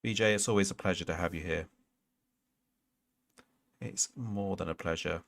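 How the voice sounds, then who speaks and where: A man's voice: low-pitched, normal speed, gravelly, dry recording. A man in his thirties streaming a block-building game, chatting casually and answering his chat with jokey asides. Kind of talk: casual Minecraft livestream chat. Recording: loud background noise.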